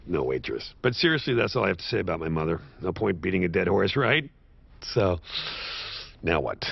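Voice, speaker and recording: Brief: a sardonic, self-loathing cartoon horse, deep gravelly voice, swings between low mutters and high outbursts. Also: male voice, no room sound, full character voice. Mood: bitter joking. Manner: sardonic, self-mocking delivery with sudden high-pitched outbursts. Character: washed-up horse sitcom star, bitter, self-loathing, sardonic. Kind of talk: animated series voice acting. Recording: dull lo-fi show audio.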